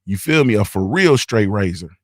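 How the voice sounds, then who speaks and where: Slangy low-voiced man ranting on stream. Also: lively intonation, moderate pace, dry recording, clean studio sound. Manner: loose, repetitive, slangy rant with "you feel me". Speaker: morning show host. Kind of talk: casual streaming commentary.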